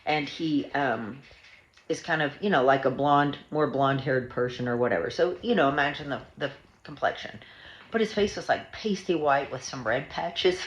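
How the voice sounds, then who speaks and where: Low-voiced woman in her sixties. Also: moderate pace. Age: 60s. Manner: rambling, chatty storytelling with fillers. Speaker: family vlogger. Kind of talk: casual vlog chat. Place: at home. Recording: echoey room, faint noise.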